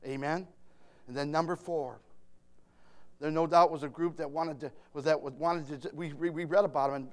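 High-voiced man preaching with loud bursts. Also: steady tone, normal speed. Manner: emphatic, swinging from quiet to shouting, joking with the congregation. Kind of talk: sermon.

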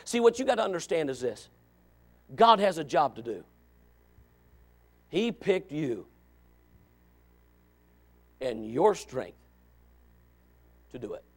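A man gives a sermon as associate pastor, his voice sitting high for a man. He is folksy and quick to joke. He drops into low, quiet asides, then climbs to loud, shouted calls to his listeners. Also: big pitch swings, creaky. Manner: folksy, joking, with sudden dramatic emphasis.

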